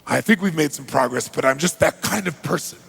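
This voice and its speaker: A man putting on a proud, short-tempered older chairman who speaks in a smug, measured way. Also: a little high, vocal fry, fairly bright tone, slightly rough, in a large hall, full character voice.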